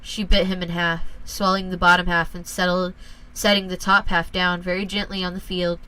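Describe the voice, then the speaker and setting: A woman reading a first-person horror story aloud in a calm, measured way. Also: on the low side, low-quality recording.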